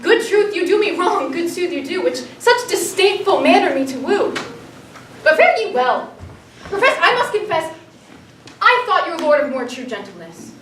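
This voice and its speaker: Brief: student actress as wounded lovesick maiden, very high, distant roomy stage sound. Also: female voice, sing-song, moderate pace, fairly bright tone, a little hiss or hum, exaggerated voice. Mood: hurt. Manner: pleading, wounded verse delivery. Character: young woman Helena, lovesick and hurt. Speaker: student actor. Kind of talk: school stage performance of verse. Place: theatre workshop room. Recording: echoey room, from far off.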